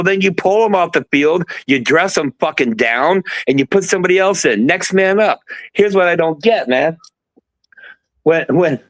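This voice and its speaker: A man's voice: fairly high pitch, a bit bright, dry recording, poor audio. A man hosting a sports livestream, delivering a furious, profane and confrontational rant. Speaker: sports show host.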